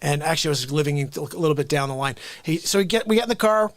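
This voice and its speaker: A man hosting a live stream, telling a story in a casual, animated way and acting out the people in it. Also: fairly high pitch, very fast, no room sound. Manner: animated storyteller, acts out voices. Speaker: host.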